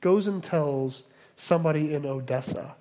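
High-voiced male pastor in a reverberant hall. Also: moderate pace, mellow. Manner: conversational teaching with frequent asides. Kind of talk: sermon. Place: church hall in Delaware.

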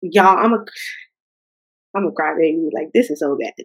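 A woman's voice: sits low, lively intonation, moderate pace, slightly rough. A young woman hosting a podcast, talking in a chatty, emotional way with playful slang. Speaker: podcast host. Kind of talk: casual commentary.

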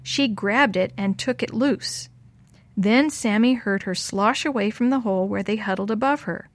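A woman's voice: mid-range voice, moderate pace. Woman reading a children's story. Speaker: narrator.

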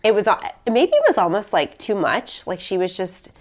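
A woman's voice: medium pitch, very animated, normal speed. A young adult woman talking casually and emotionally in a podcast conversation, full of "like" and restarts. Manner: heartfelt, many likes and restarts.

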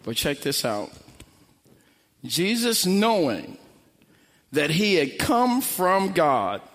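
A man's voice: high voice, big pitch swings, slow, fairly bright tone, big-room sound. A man preaching a sermon, telling a story with acted-out quotes and building to emphatic, repeated lines.

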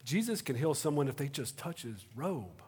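A man preaching a sermon in a conversational way, moving between hushed moments and animated bursts. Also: mid-range voice, moderate pace, husky. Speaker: pastor. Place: auditorium. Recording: reverberant auditorium.

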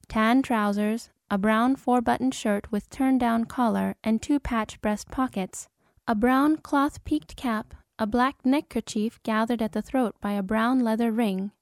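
A woman giving dramatic, measured scripted narration of an audiobook. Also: fairly high pitch, dry recording, studio quality. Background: cinematic music score.

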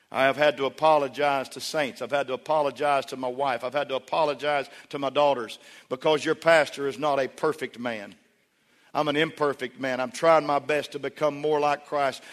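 A middle-aged man preaching a sermon as pastor, emphatic, with call-and-response to the congregation and climaxes that rise toward shouting. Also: mid-range voice. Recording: long reverb of a large church hall.

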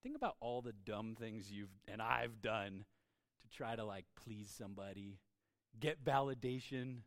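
A man pastor giving a conversational sermon, energetic and informal, often repeating words and asking "right?". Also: on the low side, measured pace, dry recording, clean studio sound. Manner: swings into quiet acted voices for quotes.

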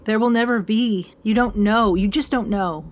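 A woman's voice: medium pitch, normal speed, breathy edge, close to an everyday voice. A woman voicing a desperate, pregnant young woman of about eighteen, pleading breathlessly in a dramatized story reading.

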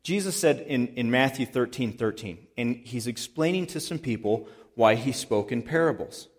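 A man preaching a sermon as pastor, telling stories in a relaxed, conversational way. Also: mid-range voice, normal speed. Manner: conversational storytelling. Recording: long hall reverb.

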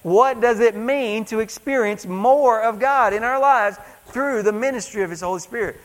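A man's voice: sits high, normal speed, big-room sound, poor audio. A male pastor preaching a sermon in a church, emphatic, repeating phrases and calling out for an "amen".

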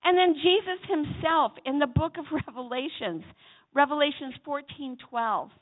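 A woman preacher delivering a sermon in a church chapel, swinging between loud exhortation and soft asides and calling on the congregation to answer. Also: sits high, normal speed. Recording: tinny phone-like sound.

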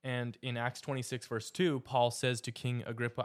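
A man's voice: mid-range voice, level tone. A man with a Canadian accent leading a church discussion as its teacher, talking informally with frequent fillers and restarts. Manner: halting, with frequent fillers and repeated words.

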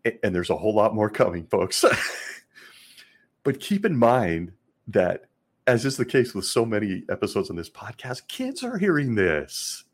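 Sarcastic man with a husky, low voice. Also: lively intonation, normal speed, pauses often. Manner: sarcastic, laughing often. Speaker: podcast host. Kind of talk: sarcastic podcast commentary.

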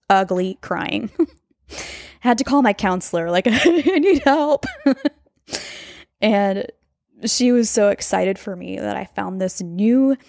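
Gravelly-voiced woman hosting a faith podcast. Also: medium pitch, a little mellow, no echo, clean studio sound. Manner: earnest and confessional, laughs at herself. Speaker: podcast host and nurse. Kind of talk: casual faith-based monologue. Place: apartment at home.

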